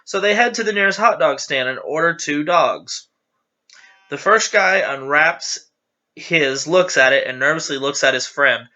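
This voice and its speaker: A man's voice: on the high side, unhurried, bright, forceful tone. A man hosting his channel, casually reading viewer jokes aloud with chatty, giggly, self-deprecating asides.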